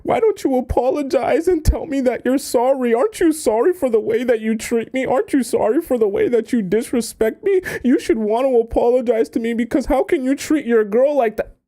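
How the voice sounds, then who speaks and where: A man's voice: very high-pitched, a little fast, mellow, pitched above the performer's own voice. A man voicing a pleading, upset young girlfriend who begs for an apology. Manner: begging, whiny.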